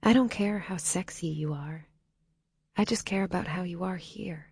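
A woman voicing a gentle, comforting young woman who speaks in a soft, hushed half-whisper. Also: on the low side, moderate pace, creaky, husky, no room sound, clean studio sound, exaggerated voice. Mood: tender, hushed.

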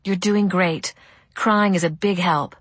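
A woman's voice: fairly low pitch, steady tone, slow pace, dry recording, pitched below the performer's own voice. A woman voicing a frantic young mother who pleads urgently, her voice shaking, in an audiobook.

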